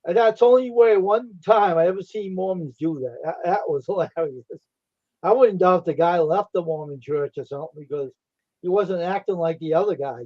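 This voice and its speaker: A man's voice: high-pitched, normal speed. A man hosting a casual livestream, telling a story with lots of laughter and acted-out quotes, and saying he's tired. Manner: animated, acts out quotes, laughs often. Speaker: livestream host. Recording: dull lo-fi stream audio.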